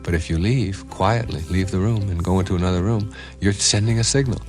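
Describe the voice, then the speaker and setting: A man who is a spiritual teacher, giving a motivational lecture in a measured, emphatic way and repeating words for stress. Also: low voice, darkish tone, soft background music.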